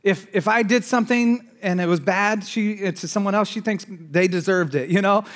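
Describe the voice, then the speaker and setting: High-voiced man preaching with energy. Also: moderate pace. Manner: energetic conversational preaching, swinging from loud to hushed. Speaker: pastor. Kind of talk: sermon. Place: church in front of a congregation.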